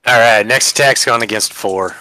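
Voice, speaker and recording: A man playing a tabletop game, calmly announcing his moves and counting up his damage. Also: fairly low pitch, normal speed, a little hiss or hum. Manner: relaxed, counts dice rolls out loud. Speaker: player. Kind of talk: casual tabletop play.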